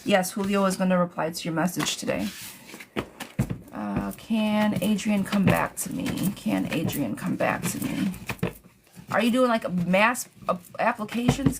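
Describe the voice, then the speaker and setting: A woman's voice: medium pitch, moderate pace, creaky, very noisy. Blunt, chatty woman reading tarot live. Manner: chatty, blunt, swears freely, calls viewers girl and love bug; gets riled up and rants, then calms herself. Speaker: tarot reader. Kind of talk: live-stream tarot reading, answering chat questions.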